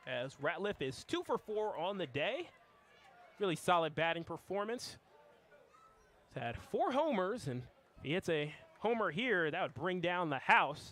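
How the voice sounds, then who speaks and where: A young man calls a baseball game live from a ballpark booth. His voice sits high and bright, and he shouts on the big plays. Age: young adult. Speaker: play-by-play announcer.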